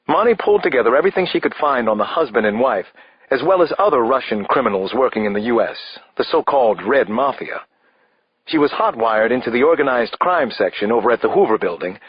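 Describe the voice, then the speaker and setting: A man narrating a first-person thriller audiobook in a measured, expressive way. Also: mid-range voice, husky, no room sound. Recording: slightly dull, dry studio audiobook.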